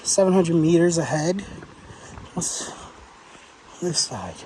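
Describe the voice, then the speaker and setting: A man's voice: fairly high pitch, lively intonation, slow, warm tone, slight background noise. Breathless swearing man on a hiking trail. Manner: exclaiming, swearing often. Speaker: travel vlogger. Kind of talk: casual hiking vlog. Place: outdoor forest trail near a waterfall.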